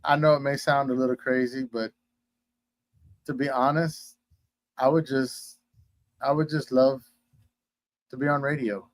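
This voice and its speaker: A man's voice: mid-range voice, level tone, unhurried, pauses often, no echo. A man from Texas, a DJ guest, chatting casually in an interview in an earnest, plain-spoken way.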